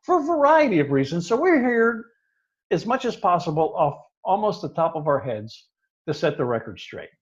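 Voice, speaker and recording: An older man from New Jersey hosting a casual talk show, speaking in a measured way and setting facts straight. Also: high voice, very animated, lo-fi sound. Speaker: podcast host. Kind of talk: casual chat.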